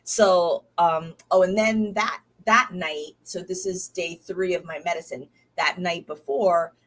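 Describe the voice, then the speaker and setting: Speaking at a measured pace with a fairly low, steady voice, a woman in her thirties who hosts a podcast chats casually like she's keeping a diary. She rambles, full of fillers and restarts, sounding tired as she recovers from illness.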